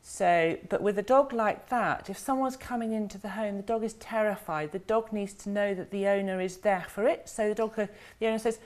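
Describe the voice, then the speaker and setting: A woman's voice: medium pitch, darkish tone. Woman, dog trainer guest, chatty, acts out little voices, tv studio chat. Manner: chatty, acts out dogs and owners in quick voices. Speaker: dog behaviour expert guest.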